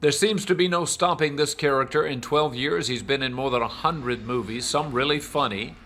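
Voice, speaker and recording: A man reporting a news feature in scripted narration with a wry, measured delivery. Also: medium pitch, background noise.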